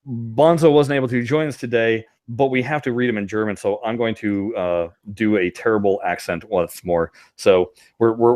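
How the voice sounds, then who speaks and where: A man co-hosting a casual podcast, chatting loosely and poking fun at himself. His voice sits at an ordinary middle pitch. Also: a little mellow. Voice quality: joking, self-mocking. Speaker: podcast co-host. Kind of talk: casual chat.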